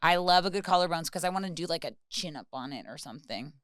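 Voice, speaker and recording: A woman's voice: lowish voice, animated, fast, fairly bright tone, no echo. A woman hosting a casual podcast, talking in a rambling, giggly, frank way. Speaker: podcast host. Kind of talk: casual chat.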